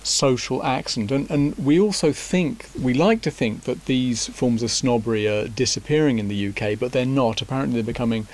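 A man's voice: mid-range voice, normal speed, few pauses. A man in an unscripted conversation for English learners, chatting and asking his partner to talk about things. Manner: chatty, prompting questions.

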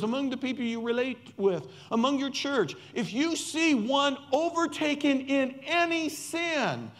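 Man, pastor, high voice, emphatic sermon delivery, repeats words for stress. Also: fairly bright tone.

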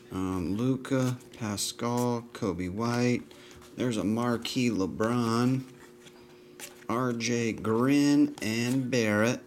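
Casual male card breaker, deep-ish, unhurried, rattles off names with dry remarks. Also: slight background noise. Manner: reels off names in a flat list, with dry asides. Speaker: trading card box breaker. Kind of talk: casual running commentary while opening card packs.

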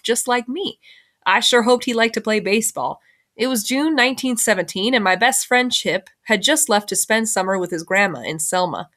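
A woman's voice: medium pitch, a bit bright. A woman, a teacher, reading a novel aloud expressively and voicing the characters.

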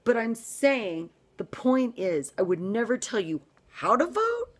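An emphatic middle-aged American woman in a ranting vlog monologue. Her pitch leaps and dives as she punches lines out, then drops to hushed asides. She sounds fired up throughout. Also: big pitch swings, unhurried, few pauses. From United States. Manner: fired-up, emphatic, jumps between loud and hushed. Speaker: vlogger.

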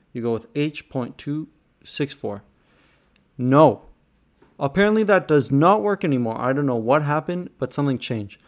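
Young-sounding guy, mid pitch, casual tutorial host, talks straight to viewers, slightly exasperated. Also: a little mellow. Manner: frustrated, rambling, talks to viewers directly. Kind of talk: casual screen-recorded tutorial.

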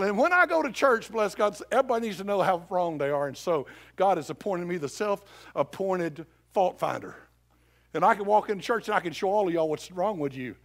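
A male pastor preaching a sermon in a church, dropping to a hush for scripture and rising to shouts. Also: high-pitched, animated, fairly quick. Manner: swings from hushed scripture reading to loud shouted exhortation. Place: church sanctuary.

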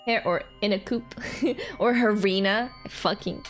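A woman's voice: medium pitch, a little slow. A young adult woman streaming a game in casual commentary, playful, giggly and self-mocking. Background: faint game music.

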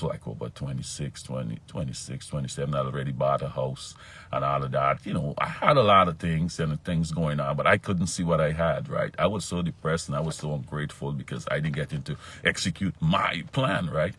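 Male preacher, deep husky voice, testimony-style sermon, animated and repetitive. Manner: animated, repetitive, frequent "right?" tags, pitch leaps when emphatic.

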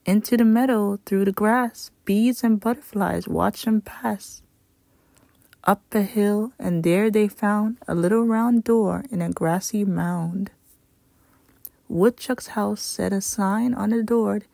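A woman reading a children's picture book aloud in a gentle, unhurried storytime voice. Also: medium pitch, gravelly, dry recording.

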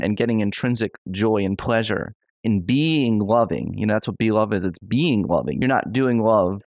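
A man's voice: on the low side, darkish tone, dry recording, dull audio. A man hosting a podcast interview, enthusiastic and thinking aloud with lots of fillers. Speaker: podcast host. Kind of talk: conversational interview.

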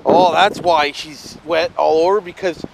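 Folksy Canadian man in loud wind. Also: a little high, steady tone, unhurried, vocal fry. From Ontario, Canada. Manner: folksy, tags lines with "eh" and "frig". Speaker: vlogger. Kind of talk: casual outdoor vlog chat. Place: outdoors by a river at a campground. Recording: loud wind noise on the mic.

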